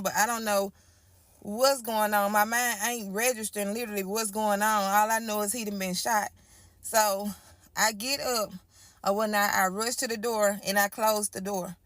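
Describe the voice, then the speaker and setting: A woman's voice: mid-range voice, a bit bright, dry recording. Woman retelling a shocking ordeal. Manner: colloquial, repeats phrases, addresses listeners as y'all. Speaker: storyteller giving a testimony. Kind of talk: emotional first-person retelling.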